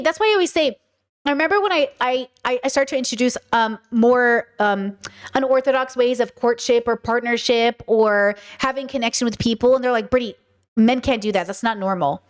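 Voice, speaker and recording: A woman hosting a casual commentary monologue, blunt and animated, swearing freely and acting out quoted conversations. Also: high-pitched. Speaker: commentary host.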